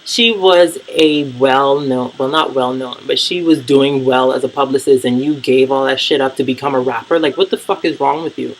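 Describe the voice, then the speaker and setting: A man's voice: mid-range voice, fairly even intonation, moderate pace, hardly any pauses, slight background noise, rough recording. A man vlogging casual reality-TV commentary, blunt, profane and gossipy.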